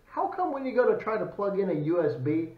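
An American podcast co-host tells a long, rambling story in casual chat, full of fillers, his high-pitched voice talking fast with big pitch swings. He's on a lapel mic in an echoey room that sounds slightly dull.

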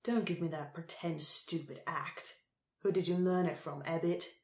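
A woman voicing a wary, quick-tempered teenage boy who talks sharply and scornfully, in an echoey room. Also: sits low, steady tone, darkish tone, natural voice.

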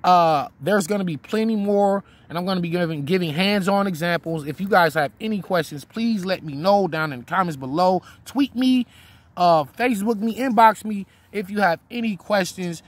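High-voiced man teaching rap rhymes. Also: moderate pace. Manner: demonstrates by reciting rhyme bars, casual and repetitive. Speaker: battle rap writing teacher. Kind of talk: informal instructional talk to camera.

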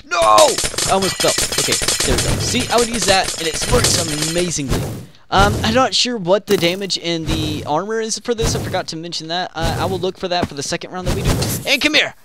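A man giving excitable gameplay commentary, yelping and trash-talking the other players. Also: high-pitched, fast, heavy background noise. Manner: excitable, yelps and trash-talks opponents. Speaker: gaming channel host.

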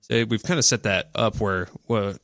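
Blunt man talking casually, lowish voice. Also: steady tone, normal speed, a bit bright, dry recording, studio quality. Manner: blunt, casual, a bit profane. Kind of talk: casual podcast discussion.

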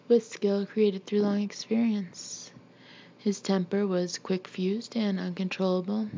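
A woman narrating a novel as an audiobook in a steady, even reading voice. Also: medium pitch, muffled recording, slight background noise. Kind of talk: scripted narration.

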